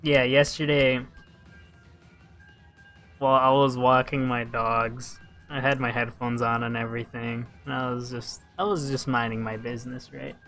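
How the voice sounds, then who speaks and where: A man's voice: mid-range voice, little pitch movement, normal speed, fairly bright tone, soft background music. A young man chatting casually while he plays a game, telling a rambling story and swearing freely into a headset mic. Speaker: gaming streamer. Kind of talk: casual chat while playing.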